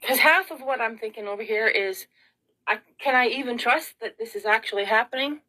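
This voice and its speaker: A woman's voice: a little high, a little fast, pushed and bright, low-quality recording. A middle-aged woman vlogging in an emotional, rambling monologue, frazzled and tearful, sighing and asking rhetorical questions.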